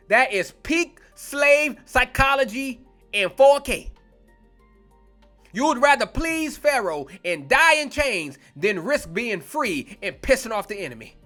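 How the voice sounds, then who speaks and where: A man preaching a fiery online sermon, blunt, confrontational and profane, slowing down to stretch key words for emphasis. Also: very high voice, sing-song, sharp tone, soft background music.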